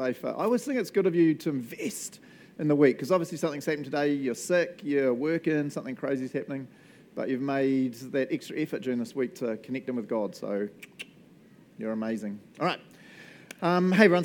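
A man's voice: fairly high pitch, darkish tone. A young adult man with a New Zealand accent, preaching a casual, playful sermon as pastor and acting out customers in silly voices.

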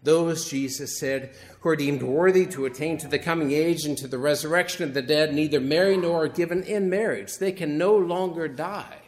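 A man's voice: on the high side, normal speed, few pauses. A middle-aged male priest giving a homily that starts as a wry, conversational story and moves into teaching.

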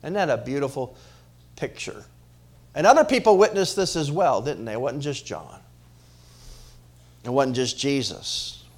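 A man preaching a sermon to his congregation, swinging between loud emphatic rises and quiet drops, often asking the church questions. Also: mid-range voice, very animated, a little slow, pauses often, slightly rough. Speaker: pastor.

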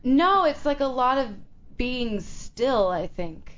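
A woman's voice: high-pitched, big pitch swings, slow, lo-fi sound, crowd noise. A woman from Scotland, now speaking with an American accent with faint Scottish traces, chatting as a guest on a radio show in a giggly, easygoing way. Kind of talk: casual radio chat.

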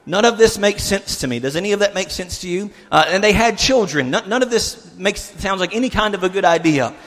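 A man's voice: high voice, expressive, a little fast, a bit bright, long reverb tail. A man in his thirties preaching a sermon, telling a story in an earnest way with many restarts. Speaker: pastor.

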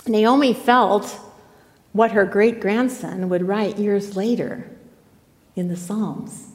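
A woman giving an earnest, expressive sermon on a Bible passage, retelling and explaining the story. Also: medium pitch, slow pace. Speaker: Bible teacher. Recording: echoey hall.

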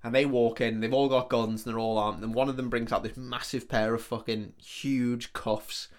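A man recapping a film plot on a podcast, talking in a loose, rambling way. He keeps dropping "like" and casual swearing as he goes. His voice sits at an ordinary, middle pitch. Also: fairly even intonation, moderate pace. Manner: rambling retelling full of "like" and swearing. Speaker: podcast co-host.

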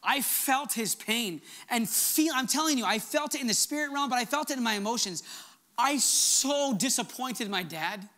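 A middle-aged man preaching a sermon in an earnest, emphatic way, at times dropping to a soft, quiet voice. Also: very high-pitched, lively intonation, normal speed. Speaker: pastor.

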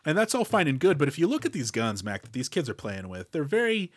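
A man's voice: on the high side, huge pitch swings, fast talker, no echo. Man, podcast co-host, explainer, casual, lots of fillers, dry recording. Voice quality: explanatory, loose with fillers and "you know". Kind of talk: casual movie podcast chat.

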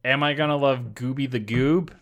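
A man co-hosting a podcast in casual chat, laid-back and deadpan. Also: medium pitch, normal speed. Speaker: podcast co-host.

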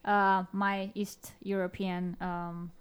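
A woman from Romania with a Romanian accent, a podcast guest chatting in an animated way and laughing often. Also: medium pitch, slow pace, clear, resonant tone. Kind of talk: casual podcast chat.

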